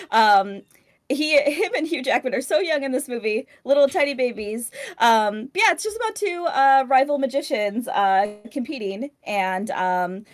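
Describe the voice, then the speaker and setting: A woman co-hosting a podcast in casual chat, giggly and rambling with lots of filler. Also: on the high side. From United States. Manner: giggly, rambling with many ums. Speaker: podcast co-host.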